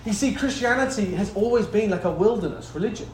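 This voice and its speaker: A man preaching a sermon as pastor, animated, swinging from hushed tones to loud exclaiming and calling for hallelujahs. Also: sits high, fast talker, few pauses, a little hiss or hum. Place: church hall. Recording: echoey hall, faint ambience.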